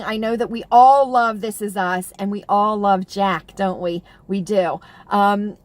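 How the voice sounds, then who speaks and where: Chatty, rambling middle-aged woman. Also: on the high side. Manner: chatty and rambling, with many fillers and restarts; gushing and emotional about TV shows. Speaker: vlogger. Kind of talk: casual chat to camera.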